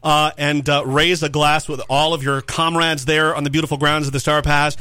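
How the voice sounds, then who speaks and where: A male radio host with a high, bright voice keeps his call-in quiz moving with joking, upbeat patter. The studio sound is dry and close-miked. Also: flat delivery, moderate pace, clean tone, no echo.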